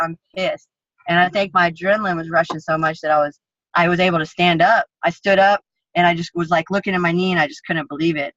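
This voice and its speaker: A woman's voice: on the low side, fairly bright tone, no room sound. A woman MMA fighter guest telling a story in a blunt, profane, vivid way in a casual interview. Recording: dull lo-fi sound.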